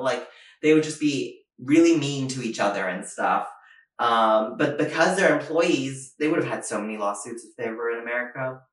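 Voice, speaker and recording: A young man from Asia performs a stand-up comedy monologue and pokes fun at himself. He jumps into raised voices to act out quotes. His voice sits at a middle pitch, and the room around him has a noticeable echo. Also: moderate pace, recorded from a distance. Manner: animated, self-mocking, acts out quotes in raised voices. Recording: echoey room.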